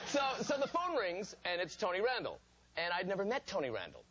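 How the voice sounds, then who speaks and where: A man guesting on a television talk show, telling a comic anecdote in an animated way and acting out the voices of the people in it. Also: high voice, fairly quick, lo-fi sound, a little hiss or hum. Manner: animated storyteller, acts out voices. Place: television studio.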